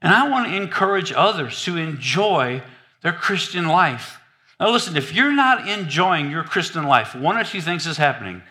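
A man preaching a sermon in an animated, humorous, conversational way. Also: fairly high pitch, moderate pace.

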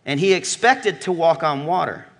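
A man preaching to his congregation with a fairly high voice. He throws out questions, booms out key phrases, then drops to a near-murmur for weight. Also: animated, moderate pace, gravelly. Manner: emphatic preaching, swings from loud calls to low murmurs. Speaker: pastor. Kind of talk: sermon.

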